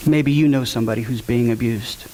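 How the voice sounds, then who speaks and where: A man's voice: mid-range voice, a little fast, dark tone, slight background noise. A father giving an earnest, emotional testimony to a church audience, repeating key words for emphasis.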